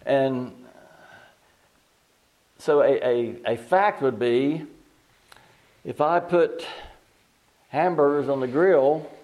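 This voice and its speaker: An older man teaches from the pulpit in a slow, unhurried sermon. His voice sits a little on the high side, and his delivery is folksy and rambling. He keeps restarting sentences and chuckles at his own side stories. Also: a little mellow. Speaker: preacher.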